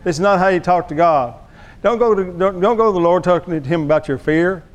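A male pastor delivering a sermon in an emphatic, preachy manner, pressing his congregation to respond. His voice sits somewhat high and sounds smooth and resonant. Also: a little fast, highs cut off.

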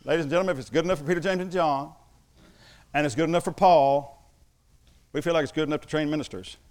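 A male pastor preaching to his church with a somewhat high voice. He drives his points home with emphasis and slips in joking asides between them. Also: fast talker. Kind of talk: sermon.

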